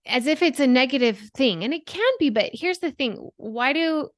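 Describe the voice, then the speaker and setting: A woman's voice: sits high, expressive, normal speed, dry recording, clean studio sound. Earnest woman explaining with "right?". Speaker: guest expert. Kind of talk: podcast interview.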